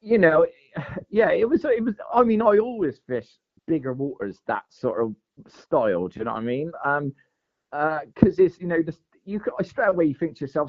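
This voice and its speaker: Rambling man, dull lo-fi sound. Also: on the high side. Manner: rambling, lots of fillers and "mate". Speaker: guest angler. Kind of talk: casual storytelling chat. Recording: dull lo-fi podcast audio.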